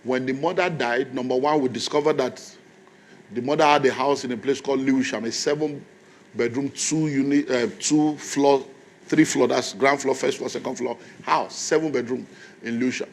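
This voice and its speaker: Emphatic pastor preaching. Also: male voice, medium pitch, fairly even intonation, normal speed, a little hiss or hum. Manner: storytelling, conversational, emphatic. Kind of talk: sermon.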